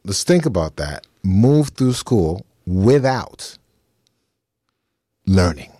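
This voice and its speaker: A man hosting a podcast, asking his guest questions in a measured, reflective way. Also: low voice, very animated, mellow, breathy edge, no echo, clean studio sound. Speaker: podcast host. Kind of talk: interview questions. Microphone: remote call.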